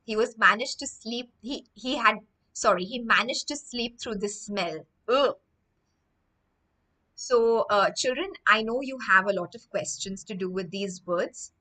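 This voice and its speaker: A woman teacher reading a story aloud to children, stopping often to explain words with animated, emphatic delivery. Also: mid-range voice, low-quality recording.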